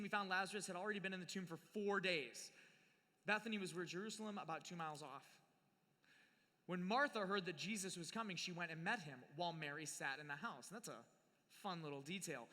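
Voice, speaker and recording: A man's voice: high voice, a little fast, sharp tone. A man giving a live sermon on scripture, playful and acting out the people in the story, recorded in a large hall. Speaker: youth speaker. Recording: live hall with long reverb.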